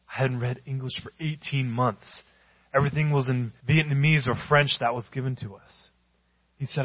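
A male pastor delivering a sermon in a storytelling way, pausing and slowing down on key lines. His voice sits in a middle pitch. The sound is dry and somewhat dull. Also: no room sound. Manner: storytelling with emphatic, slowed-down phrases.

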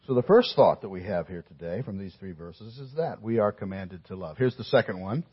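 A man's voice: fairly low pitch, lively intonation, fairly quick, few pauses, slightly rough, dull audio. A male pastor preaching a sermon to his congregation, emphatic, posing pointed rhetorical questions and speaking directly to the people in the room.

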